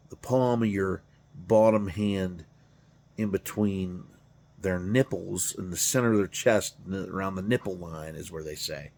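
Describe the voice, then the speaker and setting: A tired, yawning middle-aged man who hosts a garage channel rambles through a casual monologue in a low, slightly mellow voice. He swears freely and jokes at his own expense, with slight background noise.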